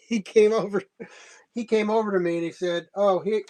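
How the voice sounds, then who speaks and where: A man's voice: high voice, fairly even intonation, normal speed, a little mellow. A middle-aged man hosting a comics stream, telling a rambling story in a casual way, chuckling often and acting out what others said. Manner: rambling, chuckling, acts out quoted dialogue. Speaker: host of a comics selling stream.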